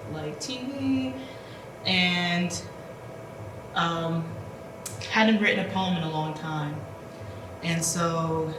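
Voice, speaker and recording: A woman poet chats about her work in a low voice, slow and hesitant, full of ums and likes. She sounds distant from the mic in a very echoey room with clear ambient noise. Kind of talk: casual talk about her poem.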